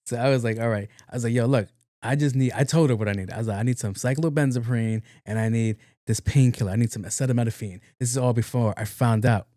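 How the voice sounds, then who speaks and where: A man from New York hosting a podcast, telling a story casually and animatedly. He acts out each person he quotes and laughs along the way. His voice sits at a middle pitch and is recorded dry and close. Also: quick pace, warm tone, no echo. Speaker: podcast host.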